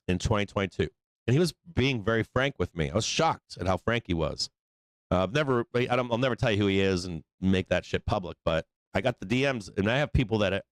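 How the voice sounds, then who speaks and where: A man's voice: on the low side, no echo. Profane, rambling male trading host. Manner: rambling, profane storytelling with many fillers. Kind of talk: casual live-stream talk.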